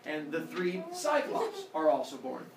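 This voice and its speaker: Male storyteller, lively myth telling, asks listeners questions, very expressive pitch, roomy echo, distant mic. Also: measured pace, a crowd in the background. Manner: animated, quizzes listeners as he goes.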